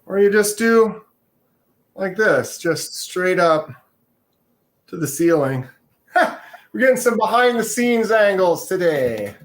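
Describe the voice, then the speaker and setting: A man with a slightly raised voice talks in a slow, unhurried drawl, rambling and thinking aloud with easy chuckles. He speaks into a phone in a garage, and the room gives his voice a roomy echo. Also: sits high, animated. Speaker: livestream co-host. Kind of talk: casual chat. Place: garage, indoors.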